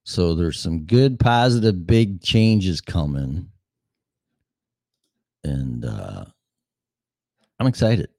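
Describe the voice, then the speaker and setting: A man's voice: sits low, sing-song, drawn-out words, gravelly, long pauses, darkish tone, dry recording. Male solo podcast host, dry close sound, scattered and self-mocking, swears freely. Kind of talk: casual rambling solo show.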